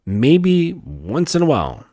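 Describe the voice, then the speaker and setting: A male dating coach giving a calm, emphatic coaching talk, repeating his points and often checking in with "okay?". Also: fairly high pitch, slow, no room sound, studio quality. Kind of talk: lecture-style coaching talk.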